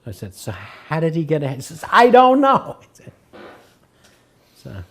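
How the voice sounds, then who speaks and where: An older man sharing remembered anecdotes, his voice mellow and dark. He slips into quoted voices and lets a chuckle through as he goes. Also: medium pitch, animated, unhurried, vocal fry, breathy edge. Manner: acts out quoted voices, chuckles between stories. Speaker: devotee recalling memories. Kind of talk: anecdotal storytelling.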